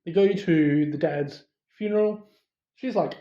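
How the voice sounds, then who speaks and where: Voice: mid-range voice, measured pace, dark tone, echoey room, muffled recording. A movie reviewer casually retelling a horror film's plot, with many fillers and quoted asides.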